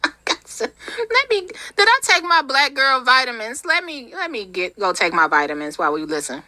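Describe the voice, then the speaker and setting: A woman's voice: high-pitched, very animated, moderate pace, bright, forceful tone, no echo. A woman hosting a commentary livestream, talking sarcastically and with exasperation as she reads viewer comments. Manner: sarcastic, exasperated, laughing asides. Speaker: commentary channel host.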